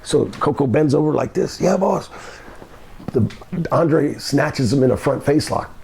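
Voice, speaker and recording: A man's voice: mid-range voice, steady tone, normal speed, creaky, a little mellow, slight background noise. A man in his sixties, a former wrestler, telling a long story in an interview, rambling with fillers and restarts. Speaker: guest, former pro wrestler.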